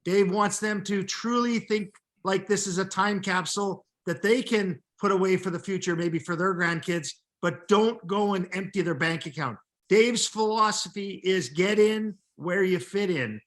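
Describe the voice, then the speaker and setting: A man's voice: high-pitched, moderate pace, fairly bright tone. Earnest man explaining company policy. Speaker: host of live company call. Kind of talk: explanatory business talk. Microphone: video call.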